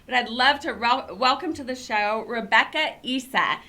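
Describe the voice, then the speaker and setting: A woman's voice: on the high side, normal speed, pushed and bright. A middle-aged woman hosting a casual talk show, chatty and upbeat, with many fillers. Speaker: show host and company CEO.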